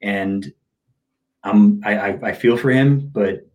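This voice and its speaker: A man telling personal stories in a casual podcast chat, animated and emphatic. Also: on the low side. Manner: animated, emphatic, slips into quick impressions. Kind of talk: casual storytelling.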